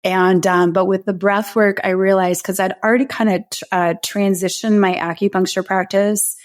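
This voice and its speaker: This is a woman sharing a personal story in a podcast interview. Her voice sits at a middle pitch. She talks openly and emotionally and often doubles back mid-sentence. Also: little pitch movement, moderate pace. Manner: heartfelt, emotional, many restarts. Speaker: guest, breathwork facilitator.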